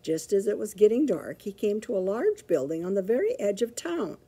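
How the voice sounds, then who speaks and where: Expressive woman reading a children's story. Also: medium pitch, moderate pace, breathy edge. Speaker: librarian reading a picture book aloud. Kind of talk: children's story read-aloud.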